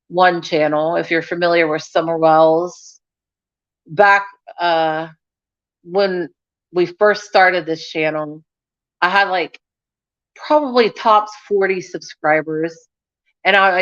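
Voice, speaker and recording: A woman's voice: lowish voice, fairly bright tone. Chatty, scattered woman streamer. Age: young adult. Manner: scattered, chatty, frank, laughs often. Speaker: YouTube channel host. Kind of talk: casual live-stream chat with viewers. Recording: dull lo-fi sound.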